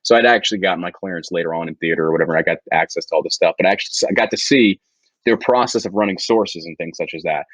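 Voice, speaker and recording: A man's voice: sits low, very fast, a bit bright, no room sound, low-quality recording. A man, a retired Army infantryman, telling war stories on a podcast in a brash, profane way, often slipping into mocking voices. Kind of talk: casual podcast chat with profane storytelling.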